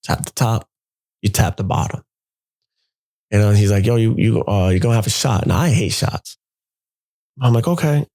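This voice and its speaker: Gravelly-voiced man telling a story. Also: fairly low pitch. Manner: animated, acts out friends' voices in quotes. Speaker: podcast host telling a personal story. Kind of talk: casual storytelling.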